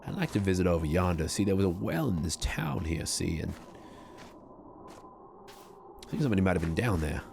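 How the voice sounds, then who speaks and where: A man voicing a smooth-talking con man who fakes a Southern cowboy drawl, with folksy, courteous sayings in a streamed game role-play. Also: deep voice, big pitch swings, fast talker, a little mellow, a little hiss or hum, exaggerated voice. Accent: put-on Southern drawl.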